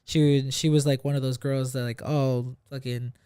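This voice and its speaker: A man's voice: mid-range voice, flat delivery, normal speed, dark tone, clean tone, no echo, clean studio sound. A young man telling a long, rambling story in casual podcast chat, swearing constantly. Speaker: podcast co-host.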